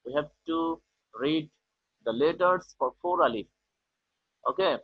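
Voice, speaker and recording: A man teaching an online class, explaining slowly and repeating "okay" often, with a Bangladeshi English accent. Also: fairly high pitch, slightly rough, no room sound. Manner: slow, repetitive explaining with many "okay"s. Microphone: video call. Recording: tinny online call audio.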